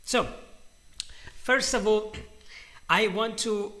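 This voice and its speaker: A man's voice: high voice, very slow, pushed and bright. A young man teaching a live-streamed English lesson, greeting viewers in a chatty way and often restarting his sentences.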